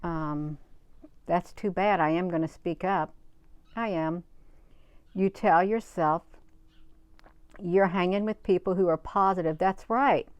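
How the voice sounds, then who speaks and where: Smooth-voiced woman chatting on a livestream. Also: lowish voice, slow pace, long pauses, dry recording. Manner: emphatic, repeats her points in short bursts. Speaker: livestream host. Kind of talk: casual live-stream chat, reading viewer comments.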